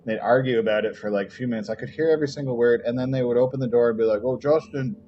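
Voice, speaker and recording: Speaking very fast in a steady, medium-pitched tone, a young man rambles through a personal story, heavy on fillers and curses, as he streams a game. There's slight background noise, a dull lo-fi mic, and game music playing faintly.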